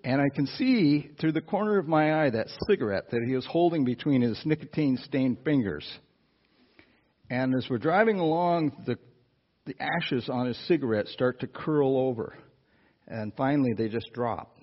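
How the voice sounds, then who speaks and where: A man preaching through a personal story, animated, with asides to the listeners. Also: mid-range voice, normal speed. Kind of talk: storytelling sermon. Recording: dull lo-fi sound.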